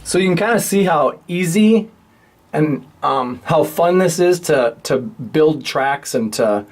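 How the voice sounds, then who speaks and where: A man teaching a radio class, talking through a tutorial in a relaxed, offhand way and thinking aloud as he works. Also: a little high, takes it slowly, soft background music. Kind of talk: casual screen-share tutorial.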